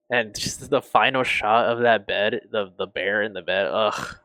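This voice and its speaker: A young man reviewing a TV show on his channel, emotional and halting, swearing often and restarting his sentences. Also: fairly low pitch, pushed and bright, no room sound. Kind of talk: casual review.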